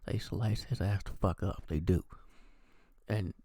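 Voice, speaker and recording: A man's voice: deep voice, steady tone, measured pace, dark tone, dry recording. A man giving a casual, profane movie review, animatedly acting out the characters' lines.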